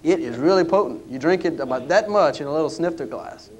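A man's voice: fairly high pitch, lively intonation, brisk, darkish tone, highs cut off. A man, a historian telling anecdotes in a lecture, in a folksy way with frequent restarts. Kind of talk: storytelling lecture. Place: lecture room at a history roundtable.

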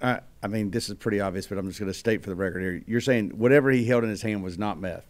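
A man's voice: on the low side, quick pace. Man, podcast co-host, probing questions, restates answers. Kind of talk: podcast interview.

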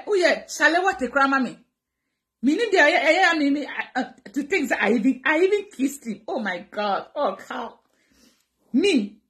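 A high-pitched woman with a Ghanaian accent answers viewer comments on a live stream. She's animated and dramatic, switching between two languages.

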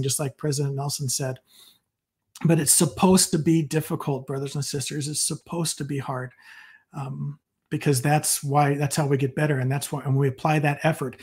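A man's voice: fairly high pitch, steady tone, moderate pace, darkish tone, breathy edge. A man, a psychologist, giving an earnest, enthusiastic devotional fireside talk with casual asides and a personal testimony.

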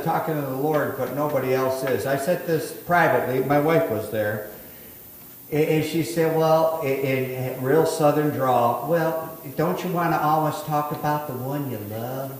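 A middle-aged man, a pastor preaching a sermon, rising to emphatic preaching with quick asides. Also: mid-range voice, a little hiss or hum. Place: church sanctuary. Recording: echoey hall.

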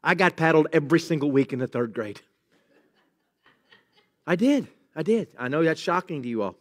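Speaking quickly in a fairly high voice, a middle-aged pastor gives a conversational, jokey sermon in a church sanctuary, full of chuckles and side comments to the congregation.

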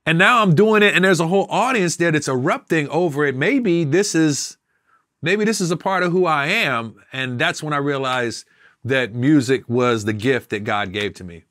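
A man's voice: on the high side, animated, moderate pace, fairly bright tone, dry recording, clean studio sound. A man recalling his past with feeling. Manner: emotional, sings snatches of a song while recounting. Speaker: interview guest. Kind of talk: storytelling in a sit-down interview.

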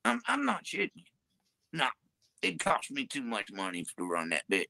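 A woman's voice: very deep voice, huge pitch swings, normal speed, gravelly, pushed and bright, no echo. An older woman talking bluntly and profanely in a rambling interview. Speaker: interviewee in a played clip. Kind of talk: crude street interview talk.

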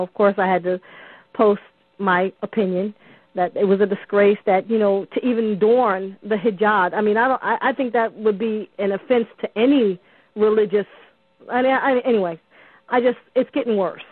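A woman's voice: medium pitch, moderate pace, dry recording. Chatty woman caller on a phone line. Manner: chatty, lots of ums and restarts, storytelling. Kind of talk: call-in radio talk. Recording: dry tinny phone line.

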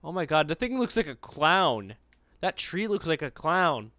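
A young man giving casual, excitable gaming commentary, pleading and yelping in bursts. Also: fairly high pitch, measured pace, dry recording. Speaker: gamer.

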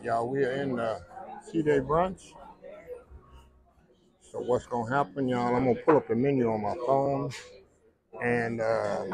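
A man's voice: medium pitch, low-quality recording. A man, vlogging casually aboard a cruise ship in a folksy, chatty way and talking straight to his viewers. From Texas. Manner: folksy, chatty, keeps addressing viewers as "y'all". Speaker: food vlogger. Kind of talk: casual vlog narration. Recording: busy crowd noise behind. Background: crowd chatter.

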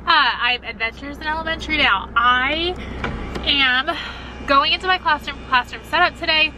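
A woman's voice: high-pitched, normal speed, background noise. A young woman teacher chatting casually to camera for her vlog, upbeat and self-mocking, her nose sore and stuffy after surgery. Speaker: teacher and vlogger.

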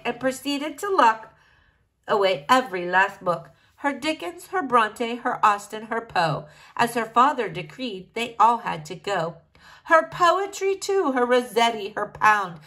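Storyteller, woman, sing-song rhyming read-aloud, higher voice, very animated. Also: poor audio. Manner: expressive, sing-song rhyme. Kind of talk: reading a rhyming picture book aloud.

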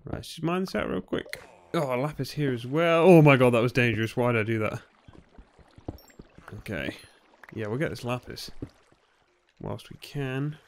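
A man's voice: medium pitch, normal speed, slight background noise. Jumpy young man gaming. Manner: jumpy, nervous, bursts into excited shouts. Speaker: gaming YouTuber. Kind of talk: Let's Play commentary.

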